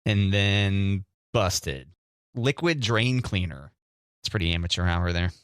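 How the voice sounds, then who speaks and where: A man's voice: low voice, expressive, slow pace, a bit bright, clean tone, no echo, studio quality. A middle-aged man co-hosting a radio show, chatting casually and joking with a teasing manner. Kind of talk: casual banter.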